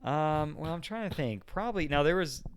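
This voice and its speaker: A man's voice: a little high, expressive, fairly quick, a little hiss or hum. A man guest on a podcast, casually telling rambling stories about old jobs and acting out the voices of customers and himself. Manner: rambling storyteller, acts out voices of callers and himself. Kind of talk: casual chat.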